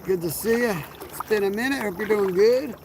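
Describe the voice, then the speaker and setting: Chatting with his livestream viewers as he fishes outdoors, this man talks a little fast in a voice that sits high. He rambles loosely and responds to the chat, with cricket and insect sounds in the background.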